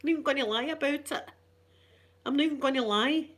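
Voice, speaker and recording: A high-pitched, fast-talking Scottish woman hosts an ASMR channel with casual, chatty talk. She comes across as cheeky and rambling, happily mocking herself as she tells her stories.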